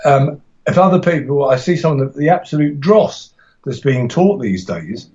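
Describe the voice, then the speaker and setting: A man's voice: on the high side, animated, normal speed, a little mellow, muffled recording. A man talking casually as a podcast guest about teaching martial arts, rambling and enthusiastic, with frequent restarts and laughs.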